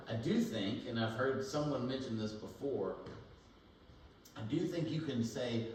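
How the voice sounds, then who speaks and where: A man's voice: mid-range voice, moderate pace, a little mellow, a little hiss or hum. A man preaching a sermon in a conversational, thinking-aloud way. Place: church sanctuary. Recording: echoey church room, mic at a distance.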